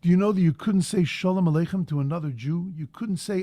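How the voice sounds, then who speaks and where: A man giving a sermon as a rabbi, impassioned, rising to loud emphatic peaks, mixing in Hebrew terms and translating them. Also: high-pitched, fast talker, no room sound.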